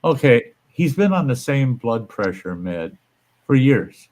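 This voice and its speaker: A man's voice: medium pitch, sing-song, slow, darkish tone. A man hosting a casual livestream chat, telling stories bluntly with plenty of swearing and acting out the people in them. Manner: blunt, profane, acts out the people in his stories. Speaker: livestream host.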